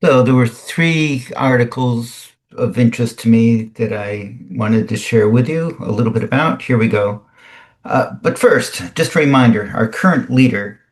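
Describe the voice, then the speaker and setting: Halting man musing over the news. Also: mid-range voice, darkish tone. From United States. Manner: musing, halting, with frequent restarts. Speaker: podcast host. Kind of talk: casual commentary.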